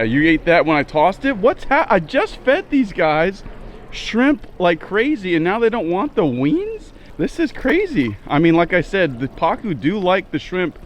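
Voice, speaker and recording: A man vlogging casually outdoors by his backyard pond, filming on a cell phone and chatting excitedly to the camera and to his fish. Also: fairly high pitch, muffled recording, a little hiss or hum. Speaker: fishing and fish-keeping vlogger. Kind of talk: casual outdoor vlog narration.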